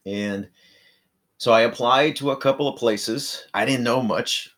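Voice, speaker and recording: A man's voice: mid-range voice, measured pace, fairly bright tone. A man from Illinois telling his own story as an interview guest, in a reflective and meandering way. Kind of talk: casual personal storytelling.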